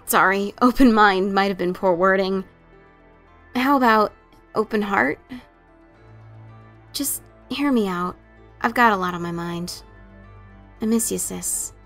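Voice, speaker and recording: A woman's voice: on the high side, vocal fry, full character voice. A woman voicing an adventurous grown pegasus mare, reading aloud an earnest letter to her younger sister. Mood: tender. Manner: earnest, apologetic, softening as it goes.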